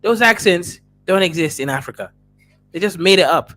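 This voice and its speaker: A man's voice: high voice, expressive, normal speed, bright, forceful tone. A man from Nigeria hosting a casual group chat, joking and boastful in banter. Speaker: host.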